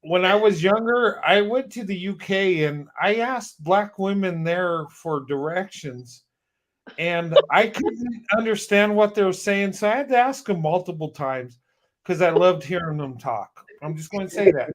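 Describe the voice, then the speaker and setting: Host, male, high voice, chatty and direct with viewers. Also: unhurried. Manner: talkative, addresses chat directly. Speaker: host of a live stream. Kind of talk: casual live-stream chat.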